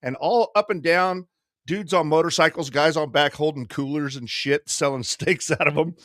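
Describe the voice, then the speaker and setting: A man's voice: fairly high pitch, moderate pace, a bit bright, dry recording, studio quality. A man in his fifties telling a long, profane story in casual podcast chat, slipping into the voices of the people he quotes. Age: 50s. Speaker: podcast host.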